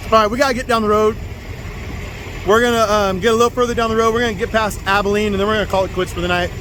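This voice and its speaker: High-voiced trucker man over road noise. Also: steady tone, racing. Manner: rambling, easygoing, peppered with "man" and "bro". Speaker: truck driver vlogger. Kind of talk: casual video diary. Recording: vehicle noise behind the voice.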